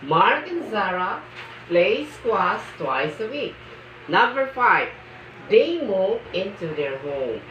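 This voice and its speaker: Slow, emphatic woman teaching grammar. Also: medium pitch, sing-song, fairly bright tone, slight background noise. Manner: slow, emphatic reading of example sentences. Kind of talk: classroom grammar lesson. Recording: echoey, muffled room from a distance.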